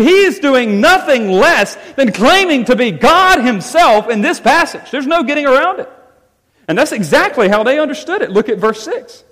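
A man preaching a sermon as pastor, with animated emphasis that rises and falls as he drives his points home. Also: very high voice, normal speed. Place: church sanctuary. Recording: long reverb of a church hall.

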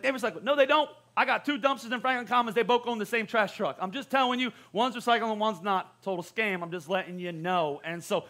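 Bright high-voiced joking male preacher. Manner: conversational, joking preacher with quick asides. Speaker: pastor. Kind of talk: sermon.

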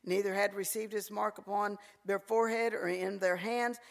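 A man preaching a sermon, telling folksy stories in an animated, preacherly manner. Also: high voice, gravelly. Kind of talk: sermon with storytelling.

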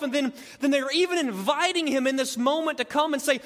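A man with a high, bright voice preaches a sermon. He drops to slow, quiet stretches and then climbs into loud, urgent passages. The sound carries a long reverb, as in a large hall. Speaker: pastor.

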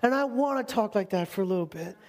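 High-voiced man preaching with lively humor. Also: quick pace. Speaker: pastor. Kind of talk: sermon.

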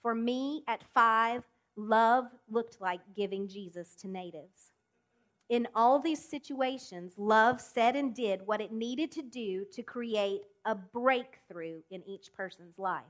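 A woman preaching a sermon, speaking emphatically with deliberate pauses and direct questions to the congregation. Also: a little high. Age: adult.

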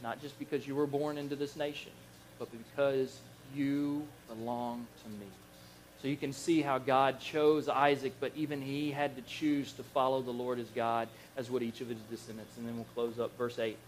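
A man preaching a Bible lesson, telling the stories in a lively, animated way and acting out the figures he quotes. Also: medium pitch, moderate pace, slight background noise. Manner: animated storyteller, acts out quoted voices, chuckles. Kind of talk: Bible teaching sermon.

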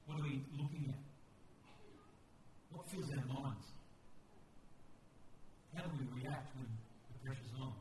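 A man's voice: mid-range voice, measured pace, long pauses. A man preaching a storytelling sermon, candid and conversational, often restarting his sentences. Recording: echoey hall, distant mic, faint noise.

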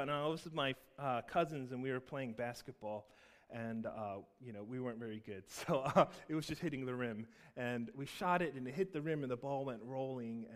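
A man preaching a Christmas sermon, telling a personal story and swinging between loud emphatic peaks and soft, low asides. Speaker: pastor.

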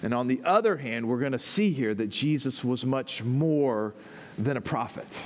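A man's voice: medium pitch, animated, moderate pace. A man, the pastor, preaching a teaching sermon, explaining step by step and checking in with his listeners as he goes.

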